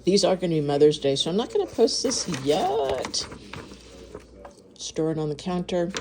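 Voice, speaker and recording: A woman's voice: on the low side, sing-song, normal speed, warm tone, slight background noise. A woman food vlogger unboxing and tasting baked goods in her kitchen, gasping and gushing as she goes. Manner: gushing, gasps and moans over food. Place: home kitchen.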